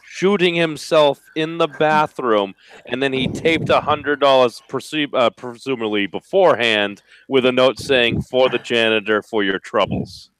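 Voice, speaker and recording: A man's voice: mid-range voice, unhurried, a bit bright, slight background noise, low-quality recording. A man in casual streamed chat, recounting a news story and pushing back on others.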